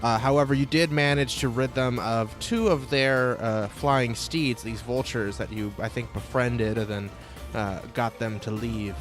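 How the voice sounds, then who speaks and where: A man's voice: mid-range voice, fairly even intonation, measured pace, music in the background. Casual, salty-mouthed man running the game. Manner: casual and profane, with frequent filler sounds. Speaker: game master.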